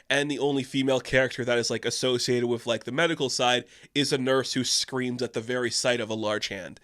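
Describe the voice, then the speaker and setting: A man giving a casual, animated film review, full of filler words and rising to loud indignation. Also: medium pitch. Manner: animated, lots of "like" fillers, gets loudly indignant.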